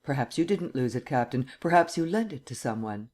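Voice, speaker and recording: A man's voice: mid-range voice, animated, a little fast, darkish tone, natural voice. A man voicing a stern district attorney who questions in a level, cold, formal way. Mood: cold, probing.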